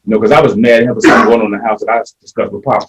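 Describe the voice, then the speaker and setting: A man in his late fifties sharing his story in a support group, rambling and halting, swinging from hushed admissions to loud, tearful outbursts. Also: fairly low pitch, steady tone, distant mic, poor audio. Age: 50s. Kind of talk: emotional personal sharing.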